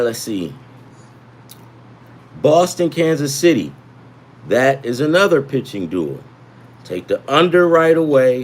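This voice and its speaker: A man's voice: medium pitch, a little hiss or hum. A man hosting a sports betting livestream, rambling and repeating himself as he gives emphatic tips and chats with viewers. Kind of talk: casual livestream talk.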